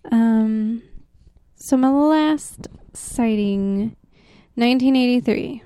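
A woman co-hosting a podcast, casually telling a folklore story, often dropping to a hushed whisper and laughing easily. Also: a little high, slow, smooth. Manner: drops to a hushed whisper for the spooky parts. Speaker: podcast co-host.

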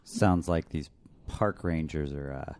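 A man co-hosts a casual chat in a very deep voice. His jokes are dry and offhand, with a rough, gravelly edge. The sound is close and dry. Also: takes it slowly, darkish tone, dry recording. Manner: joking, dry quips and silly asides. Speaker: podcast co-host.

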